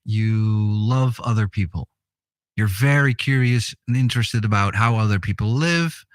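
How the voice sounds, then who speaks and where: A man's voice: fairly low pitch, normal speed, no room sound, studio quality. A man co-hosting a casual podcast conversation, teasing and hesitant, with many fillers. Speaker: co-host.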